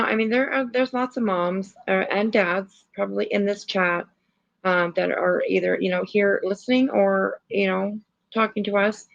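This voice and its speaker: A woman's voice: mid-range voice, vocal fry. A woman hosting a casual livestream, rambling with many fillers and the odd swear while she comments and reacts. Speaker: livestream host. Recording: lo-fi stream audio.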